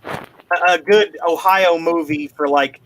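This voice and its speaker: A man with a Southern American accent in casual podcast chat, hesitant and halting. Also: on the high side, a bit bright, a little hiss or hum.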